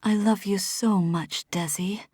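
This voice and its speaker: A woman voicing a gentle, sorrowful mother who speaks in a soft, tender, near-whispered voice. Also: medium pitch, steady tone, takes it slowly, slightly rough, no echo, studio quality.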